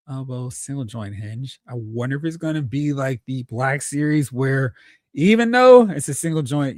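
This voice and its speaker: A man's voice: medium pitch, dry recording, studio quality. A man hosting a live stream, chatting casually, thinking aloud and reading out viewer comments. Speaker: host.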